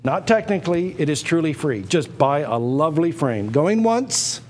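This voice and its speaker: A man running a live auction stream, pitching hard with emphatic, repetitive, excitable patter. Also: normal speed, long reverb tail.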